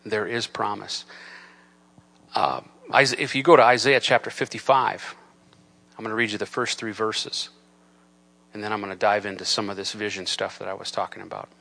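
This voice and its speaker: A man preaching a sermon in a church. He reads scripture in a solemn cadence and builds from soft, low talk to loud, raised preaching. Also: fairly even intonation, brisk, creaky. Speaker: pastor. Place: church sanctuary.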